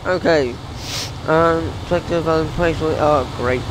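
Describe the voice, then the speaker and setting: Hesitant man narrating a game over loud music. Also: a little high, low-quality recording. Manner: hesitant, reads haltingly with many fillers. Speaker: gameplay commentator. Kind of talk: casual game commentary, reading on-screen text aloud.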